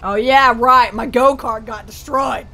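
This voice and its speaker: Excitable gravelly-voiced woman gamer. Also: fairly high pitch, measured pace, soft background music. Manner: excitable, laughs and yelps a lot. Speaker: gaming video creator. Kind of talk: casual gameplay chat.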